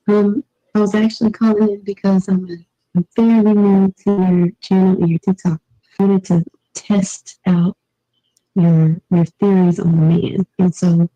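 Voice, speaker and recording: A woman calls in to a show with a very dark, mellow voice. She speaks casually and a little hesitantly. Her call comes through as dull and dry, like a phone line. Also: medium pitch, no room sound. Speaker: caller.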